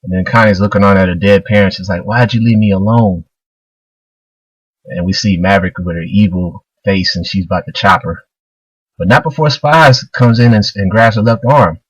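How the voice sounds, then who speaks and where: A man's voice: deep voice, a little fast, fairly bright tone, husky, no room sound, highs cut off. A man casually retelling a manga chapter, loose and rambling, full of fillers. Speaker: manga reviewer.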